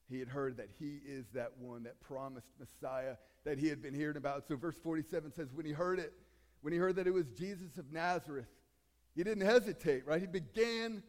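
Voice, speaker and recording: A male pastor giving a conversational sermon and now and then acting out the voices in the story. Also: fairly high pitch. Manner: conversational preaching, acts out voices. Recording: long hall reverb.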